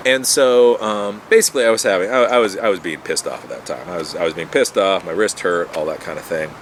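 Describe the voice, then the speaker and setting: A man's voice: sits low, a little fast, slight background noise. A man telling a personal story in a casual, rambling monologue, repeating words and swearing when annoyed. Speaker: vlogger telling his life story.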